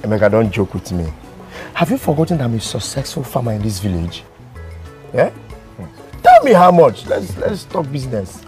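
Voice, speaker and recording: A confident farmer talks business with easy good humor. His fairly low voice moves lively up and down, and faint music plays behind. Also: normal speed. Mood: jovial. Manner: jovial, businesslike. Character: confident successful village farmer. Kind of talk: Nollywood film acting.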